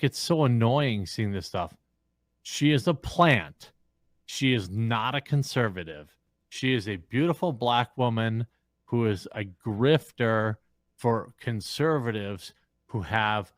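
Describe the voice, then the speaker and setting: A man's voice: mid-range voice, no echo, studio quality. A drunk man ranting bluntly and crudely on a livestream. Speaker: streamer.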